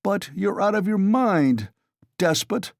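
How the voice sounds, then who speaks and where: A male narrator voicing a tipsy young man who blusters loudly and emphatically. His voice sits raised above its usual pitch in a dry, close recording. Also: expressive, unhurried, dry recording. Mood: blustering.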